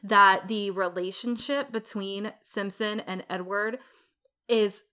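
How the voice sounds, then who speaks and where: A woman's voice: mid-range voice, slow, bright, forceful tone. A woman co-hosting a podcast, recounting history in a chatty storytelling way with playful asides. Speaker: podcast co-host. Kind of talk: casual history chat.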